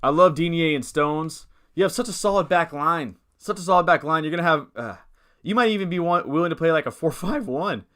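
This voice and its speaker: Slightly high, expressive and a bit bright, this young man talks fairly quickly while streaming live. He rambles cheerfully about fantasy football teams, reads viewer chat, thinks out loud, and has hiccups.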